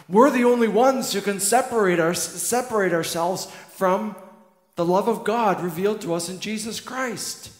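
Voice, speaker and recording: The pastor's voice is high-pitched and a touch slow as he preaches in the sanctuary. He leans on repetition of key lines to add weight, earnest and emphatic throughout, while the church hall's reverb trails on.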